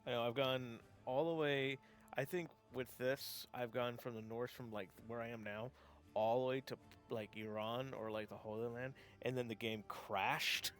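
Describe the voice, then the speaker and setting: A man chatting casually on a live gaming stream, rambling with lots of fillers and restarts, laughing often and getting excited. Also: mid-range voice, moderate pace, soft background music. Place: home setup, gaming stream.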